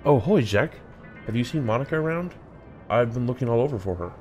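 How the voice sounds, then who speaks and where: A man's voice: medium pitch, animated, brisk, a little mellow, soft background music, voice pushed up, lightly acted. A man doing a nervous teenage street kid. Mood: worried.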